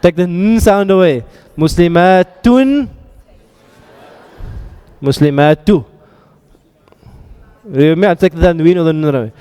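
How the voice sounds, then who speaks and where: A man teaching an Arabic grammar class, quizzing his students with quick drills and joking asides. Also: fairly high pitch, dark tone, clean tone, big-room sound.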